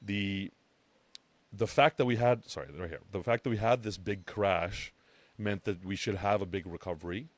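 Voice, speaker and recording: Low-voiced man, brash and joking. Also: steady tone, moderate pace, no room sound. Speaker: crypto channel host. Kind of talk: casual chart analysis talk.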